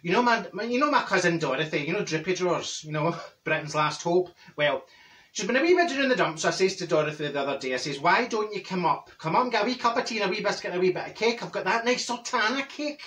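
A man doing a cheeky gossipy Glaswegian woman, high voice, bright edge, Glaswegian accent, a bit distant from the mic. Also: animated, fast. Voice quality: chatty, gossipy storytelling with Scots words. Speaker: comedy character host. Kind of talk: comic character monologue.

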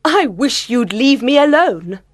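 A woman's voice: sits high, animated, takes it slowly, pitched above the performer's own voice. A woman voicing a cold, scornful young woman who talks in a mocking way.

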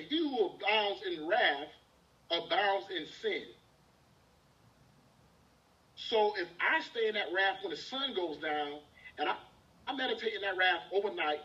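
A man's voice: high-pitched, a bit bright. A man preaching a sermon, quoting scripture and asking the congregation call-and-response questions. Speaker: minister. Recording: distant dull lo-fi service recording.

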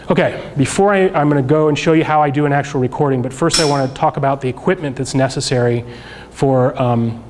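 A man teaching a workshop class, talking through slides in a relaxed, conversational way with many fillers and restarts. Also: medium pitch, background noise. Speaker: workshop instructor. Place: lecture room.

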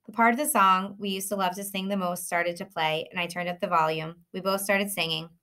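A woman giving an earnest, expressive first-person audiobook narration. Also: lowish voice, fairly quick.

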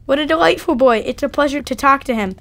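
An overjoyed old miser turned generous, given voice by a woman reading aloud. He talks in eager bursts with warm exclamations, higher than most readers. It comes across as a heartfelt storybook reading. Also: fast talker. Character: old male miser, newly joyful and generous. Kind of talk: dramatic reading at a church event.

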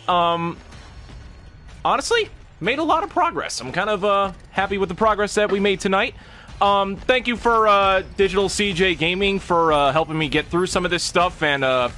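A man streaming a horror game, reacting with loud laughing and swearing outbursts. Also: sits high, slight background noise. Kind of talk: excited gameplay commentary.

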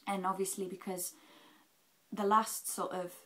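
A woman's voice: mid-range voice, level tone, unhurried, bright, forceful tone, poor audio. A young woman from England giving a chatty, candid vlog update about her recovery, full of "um"s and acted-out quotes. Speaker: vlogger. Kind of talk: casual health update vlog.

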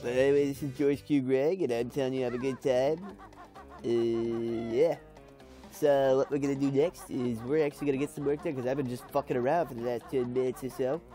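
A man doing a nasal, earnest nerd running a game playthrough, with a mellow, darker tone under the stiff formality. Faint music plays behind him. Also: mid-range voice, fairly even intonation, fairly quick, natural voice. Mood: mock-earnest. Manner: overly formal with sudden swearing slips. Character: nasal nerdy male gamer host, stiff and earnest.

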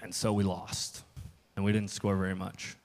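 A man's voice: low-pitched, level tone, moderate pace. A man preaching a casual, story-filled sermon as pastor, often restarting and quoting himself. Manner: storytelling with restarts and quoted asides. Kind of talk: conversational sermon. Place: church hall. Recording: long reverb of a church hall.

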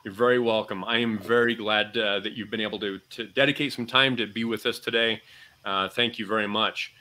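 Man, interview host, enthusiastic, lots of fillers, crisp bright tone. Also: on the low side, steady tone, brisk. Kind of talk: interview hosting.

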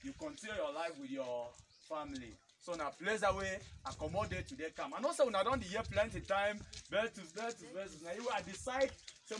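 A man speaks with a Cameroonian Pidgin English accent and a high voice. He addresses a crowd in an animated way and keeps appealing to it directly. Faint noise sits behind him. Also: brisk. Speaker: public speaker. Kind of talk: outdoor public address.

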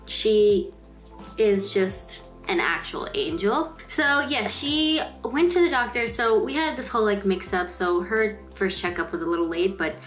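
A woman's voice: mid-range voice, unhurried, fairly bright tone, faint music behind. A young woman vlogging casually at home in her apartment, chatty and bubbly, laughing often as she talks to the camera. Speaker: vlogger and new mom.

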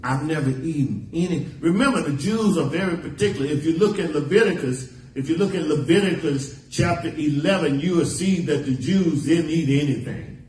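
A man's voice: fairly high pitch, normal speed, hardly any pauses, darkish tone, slight background noise. A man preaching a sermon as pastor, mixing folksy stories and dramatic quoted lines. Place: church sanctuary. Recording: echoey church recording from a distance.

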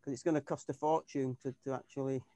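A man's voice: mid-range voice, little pitch movement, quick pace, mellow, no room sound. A man, a tribute band keyboardist, chatting in an interview over a video call. He rambles and restarts often, with plenty of fillers. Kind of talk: casual interview chat.

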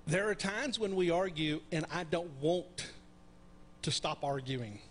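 A man's voice: on the high side, animated, unhurried, a little hiss or hum. A middle-aged man preaching a conversational sermon, often checking in with the congregation with questions. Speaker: pastor. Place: church sanctuary.

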